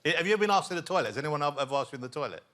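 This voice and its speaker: A man's voice: on the high side, animated, sharp tone. A man hosting a talk show, asking his guests teasing questions. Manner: teasing, quick-fire questions. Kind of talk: chat-show interviewing. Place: TV studio with an audience.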